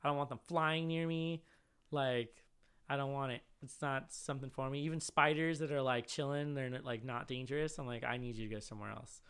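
A man's voice: medium pitch, fairly even intonation, normal speed, fairly bright tone, clean tone. A man in casual conversation who tells chatty stories and swears casually. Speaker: podcast co-host and writer. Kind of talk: casual chat.

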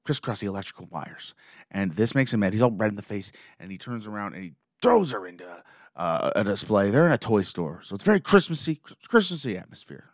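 Excitable man gushing through a recap. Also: lowish voice, dry recording, clean studio sound. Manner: excited, gushing fan commentary. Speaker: show recap vlogger. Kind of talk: play-by-play episode recap.

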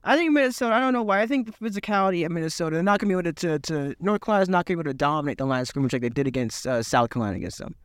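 A man with a somewhat raised pitch that jumps around lively as he chats football. He hedges a lot, trailing into "I don't know", and the close recording is dry and dead. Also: rapid-fire, few pauses, smooth, no room sound. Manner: hesitant, lots of uh and I don't know, breezy slang. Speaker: podcast co-host. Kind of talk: casual sports chat.

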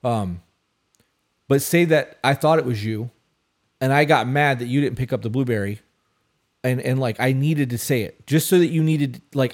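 A man in his thirties co-hosting an advice podcast, talking casually and bluntly, swearing and repeating himself for emphasis. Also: medium pitch. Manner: blunt, profane, repetitive. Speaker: podcast co-host.

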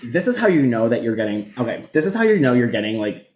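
A man's voice: mid-range voice, sing-song, quick pace, a little mellow. Chatty man in a roomy echo. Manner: chatty, full of fillers, acts out quoted lines. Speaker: podcast co-host. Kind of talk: casual chat.

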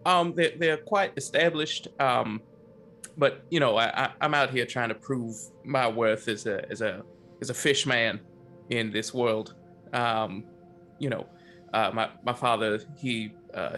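A man with a Southern accent playing an earnest, stammering fish-merchant heir in a tabletop role-play game, with soft music behind. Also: medium pitch. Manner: hesitant, stammering, polite. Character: earnest young male fish-merchant heir from a wealthy family. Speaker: player, new to the group.

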